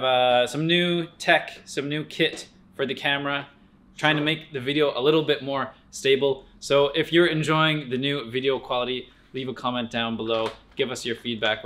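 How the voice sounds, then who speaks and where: Male store staffer, easygoing and chatty, umming through a casual outfit rundown. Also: mid-range voice. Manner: relaxed, chatty, hesitant fillers. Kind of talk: casual fit-check vlog.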